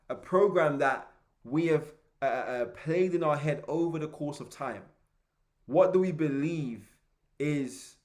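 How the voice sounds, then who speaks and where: A young man giving a casual motivational talk, telling stories excitedly, stumbling over and repeating words. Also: fairly high pitch. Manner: excitable storyteller, repeats words and restarts a lot. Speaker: motivational speaker.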